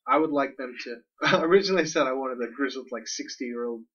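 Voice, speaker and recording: An easygoing man co-hosts a casual podcast, tossing in quick asides with a slightly husky voice. He sits a bit away from the microphone. The recording is dull and lo-fi. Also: mid-range voice, a bit bright. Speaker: podcast co-host. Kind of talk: casual chat. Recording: distant, dull lo-fi mic.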